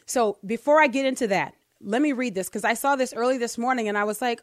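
A woman's voice: on the high side, fast talker, hardly any pauses, dry recording, clean studio sound. A woman hosting a faith podcast, chatting casually and animatedly, often giggling while she reads aloud. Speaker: podcast host. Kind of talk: casual chat about faith.

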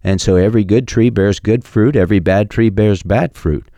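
A middle-aged man preaching a sermon, emphatic and building to sharp peaks, quoting scripture with chapter and verse. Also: fairly low pitch, moderate pace, dry recording, clean studio sound. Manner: emphatic preaching, rising sharply on key points. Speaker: pastor.

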